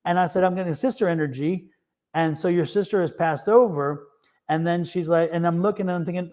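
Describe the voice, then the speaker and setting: A man hosting a tarot reading show chats casually on a live stream, telling rambling stories full of restarts and fillers and laughing easily. His voice is fairly high, fairly quick, and darkish in tone.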